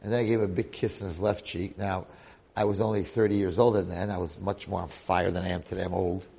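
A man in his sixties, a rabbi, telling a story to his congregation in an animated way with dramatic swings in loudness. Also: deep voice, fast talker, vocal fry, breathy edge.

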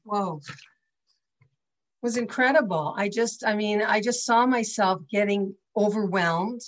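A woman's voice: mid-range voice, poor audio. An older woman leading a class over a video call, talking in a chatty, rambling way with frequent asides. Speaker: class teacher. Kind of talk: casual online class talk.

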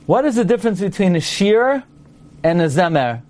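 High-voiced man teaching a class. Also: big pitch swings, normal speed, darkish tone. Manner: playful, quizzing, explains with sung-out examples. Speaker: Torah teacher. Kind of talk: lecture to a class.

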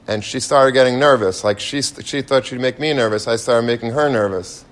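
A man's voice: medium pitch, moderate pace, few pauses. A man giving an informal sermon, telling stories with energy and building into passionate exhortation. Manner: animated storyteller, rising to passionate exhortation. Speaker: rabbi giving a Torah talk.

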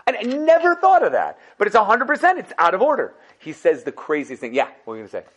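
A man teaching a casual Torah class, telling stories in an animated, conversational way. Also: high-pitched, fast.

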